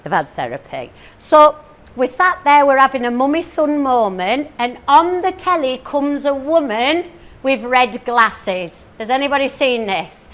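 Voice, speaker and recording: A woman's voice: high voice, big pitch swings, a little slow. Playful chatty woman speaker. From northern England. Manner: chatty, playful, teasing the audience with questions and asides. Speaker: motivational speaker. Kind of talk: comic motivational talk to a live audience.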